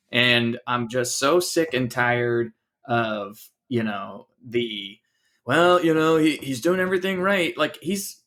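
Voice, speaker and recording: Bright-voiced, exasperated podcast man. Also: medium pitch. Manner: exasperated, sarcastic, stammering. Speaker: podcast co-host. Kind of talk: casual sports chat.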